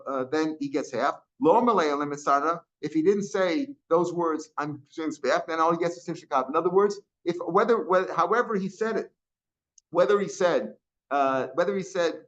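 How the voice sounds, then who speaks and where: A man's voice: on the high side, a bit bright. A man teaching a daily Talmud class, explaining each line and mixing English with Aramaic and Hebrew terms, often repeating and restarting phrases. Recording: dull lo-fi recording.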